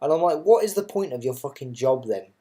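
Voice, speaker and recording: A man's voice: medium pitch, expressive, a little fast, dark tone, slightly rough. A man giving casual, unscripted darts commentary, chatty and self-mocking, who swears freely and drifts into ranting asides.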